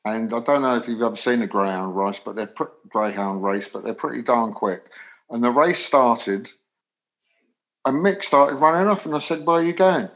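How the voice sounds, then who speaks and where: A man from England, a guest musician in his sixties, telling animated anecdotes in an interview. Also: medium pitch, moderate pace, poor audio. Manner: animated anecdotes, acts out dialogue. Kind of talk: storytelling interview.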